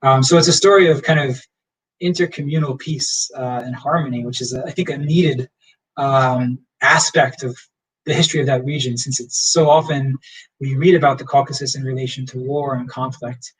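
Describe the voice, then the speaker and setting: A young man teaching as a history professor in a casual livestream lecture, relaxed and rambling with many fillers. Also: medium pitch, normal speed, slightly rough, recorded from a distance, rough recording.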